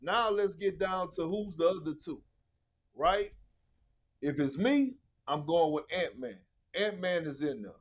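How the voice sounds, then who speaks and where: Animated, profane man telling stories. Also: on the high side, a little slow. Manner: animated, profane, acts out quotes. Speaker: podcast guest. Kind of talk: casual storytelling.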